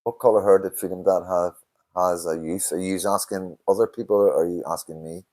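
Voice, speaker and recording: Older streamer with a very low voice, tired and sweary, chatting loosely to his viewers. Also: fairly even intonation, fairly quick, warm tone. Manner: swears a lot, tired and yawning. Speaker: livestream host. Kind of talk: casual live-stream chat reading comments.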